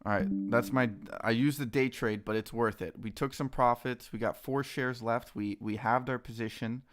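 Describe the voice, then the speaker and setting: A young man casually chatting on a live stream while trading stocks, excitable and slangy, greeting viewers by name. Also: mid-range voice, moderate pace. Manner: excitable, talks to chat and his dogs, says dude a lot.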